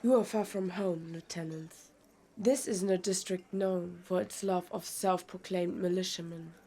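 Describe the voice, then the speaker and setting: A man's voice: sits high, fairly even intonation, unhurried, dark tone, voice pushed up. A man voicing a stern, cold woman who is a union lawyer in a game, speaking in a clipped, guarded way.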